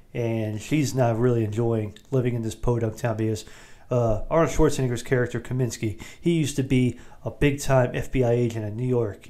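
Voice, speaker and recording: A man hosting a podcast, giving a rambling, jokey recap of a movie with quick asides. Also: medium pitch, warm tone. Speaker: podcast host.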